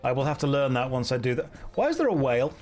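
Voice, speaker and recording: Guy streaming a game, dry sarcastic jokes, mid-pitched voice, bit of music under him. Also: sing-song, fast, darkish tone. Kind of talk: casual live game commentary. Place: warm indoor room.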